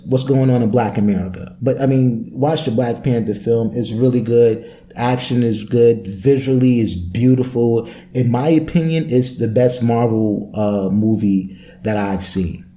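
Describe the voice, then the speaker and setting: Dark-voiced man ranting on a podcast. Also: medium pitch, a little slow, slight background noise. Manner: animated, profane ranting with rhetorical questions. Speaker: podcast host. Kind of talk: solo podcast rant.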